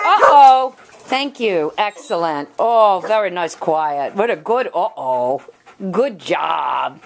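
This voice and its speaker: A woman's voice: lowish voice, lively intonation, takes it slowly, vocal fry, heavy background noise. A woman talking to her dogs at home, alternately scolding and praising them in pet talk. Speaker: dog owner. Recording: loud dogs barking behind. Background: dogs barking.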